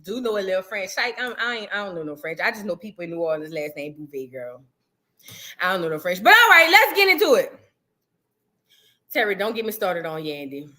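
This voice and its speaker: A woman hosting a casual reaction livestream, rambling in slang, reading chat and shouting out viewers. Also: mid-range voice, sing-song, fairly quick.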